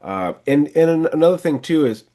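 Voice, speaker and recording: A man's voice: fairly high pitch, expressive, a little fast, warm tone. A man coaching a salesman one on one, casually acting out lines a salesman and a customer might say. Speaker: sales trainer and podcast host.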